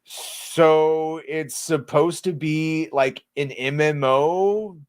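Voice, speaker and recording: A man's voice: fairly high pitch, steady tone, drawn-out words, no room sound. Guy cohosting a podcast, swears a lot, rambles and snarks, dry close sound. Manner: profane, rambling, sarcastic. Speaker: podcast co-host. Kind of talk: casual chat.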